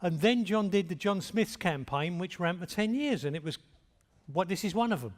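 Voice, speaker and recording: A man's voice: high-pitched, lively intonation, moderate pace. Plainspoken older man telling stories. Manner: plainspoken storytelling. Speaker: speaker at a talk. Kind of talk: anecdotal lecture. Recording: long reverb of a large hall.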